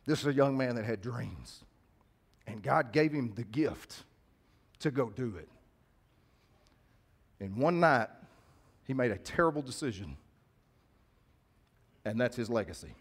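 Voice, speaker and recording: Man, pastor, casual sermon, talks to the room, mid-pitched voice. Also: animated, measured pace, long pauses, husky. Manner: conversational preaching with call-outs to the congregation. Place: church.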